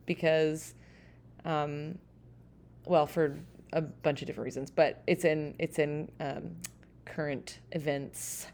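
A young adult woman co-hosting a casual podcast, talking in a loose, rambling way. Her voice sits low for a woman. She hedges often and pads her sentences with fillers. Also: fairly even intonation, slow pace, darkish tone. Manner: hedging, rambling, full of fillers. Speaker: podcast co-host. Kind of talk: casual chat.

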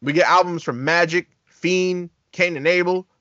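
Podcast co-host, man, slightly high pitch, enthusiastic talker, dry dull sound. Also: fairly even intonation, moderate pace, a bit bright, dry recording. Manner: enthusiastic, lists at length. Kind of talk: casual chat.

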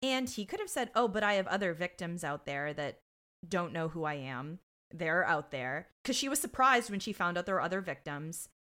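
A woman's voice: fairly low pitch, big pitch swings, normal speed, sharp tone. A woman co-hosting a podcast, chatting casually, swearing and acting out quotes from episodes. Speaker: podcast co-host. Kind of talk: casual chat.

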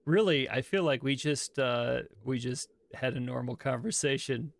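A male podcast host with a gravelly, fry-laden voice. He talks casually and warmly, with easy fillers. His pitch sits in a middling range. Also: normal speed, no echo. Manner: relaxed, friendly wrap-up with fillers. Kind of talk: casual chat.

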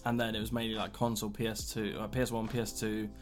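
A man chatting casually as a podcast guest, relaxed and slangy, with some swearing. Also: lowish voice, fast, soft background music. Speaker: podcast guest, streamer and musician.

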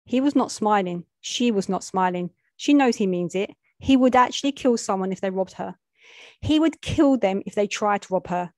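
A woman reading a gritty street story aloud in a plain, steady voice, slipping in street slang. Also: medium pitch, moderate pace, dry recording. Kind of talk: reading a gritty first-person-style short story aloud.

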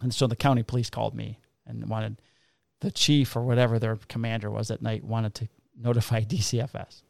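A man's voice: fairly low pitch, flat delivery, a little fast, vocal fry, no echo, clean studio sound. A man, a police officer casually telling profane stories and acting out the dialogue. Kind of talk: casual storytelling chat.

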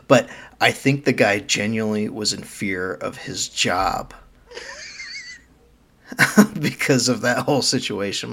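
A man's voice: fairly low pitch, vocal fry, a bit bright. A man co-hosting a casual podcast, telling work stories with a joking, laughing manner and casual swearing. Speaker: podcast co-host. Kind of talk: casual chat.

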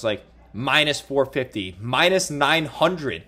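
Young man, casual podcast chat, excitable, self-mocking, quick asides. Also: medium pitch. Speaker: podcast co-host.

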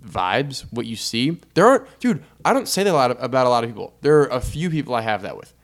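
A young man in casual sports-podcast chat, his voice sitting in a middle register. He talks in an animated, joking way, piling up asides and restarting his thoughts as he goes. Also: mid-range voice, fast. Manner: animated, laughing, trailing off into asides. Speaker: podcast co-host.

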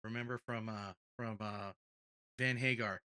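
A man co-hosting a casual video reaction chat, joking and excitable, saying "dude" often. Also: lowish voice, measured pace, smooth. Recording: music playing behind.

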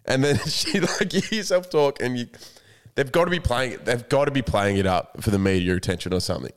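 A man's voice: medium pitch, expressive, brisk, smooth. A young man co-hosting a comedy podcast, chatting casually, swearing often and laughing a lot. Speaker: podcast co-host. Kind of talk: casual chat.

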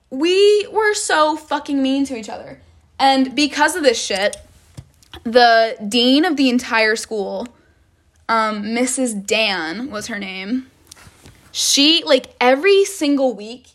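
A young woman talks straight to her audience in a loose, rambling storytime. Her voice sits a little high, and she strings her thoughts together with constant "like"s and casual swearing. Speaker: vlogger.

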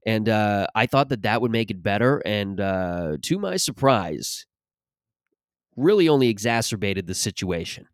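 A man's voice: lowish voice, expressive, a little slow, no room sound, clean studio sound. A man hosting a podcast, talking in a casual, profane, rambling comic monologue that drifts between topics, a little short of breath. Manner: profane, rambling, restarts often. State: short of breath after an allergic reaction. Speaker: podcast host and stand-up comic.

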